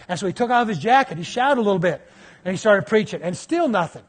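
Male preacher, 50s, high-pitched, animated sermon storyteller. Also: quick pace.

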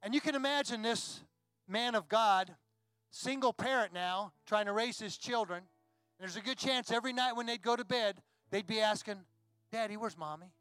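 At a moderate pace, a pastor delivers a heartfelt retelling of a Bible story in church, his voice high and smooth. Soft music sits faintly in the background of a close, dry recording with no echo.

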